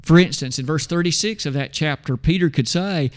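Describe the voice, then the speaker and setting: Man, preacher, sermon, emphatic, rhetorical questions, slightly high voice. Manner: emphatic, rhetorical questions, slows for scripture quotes.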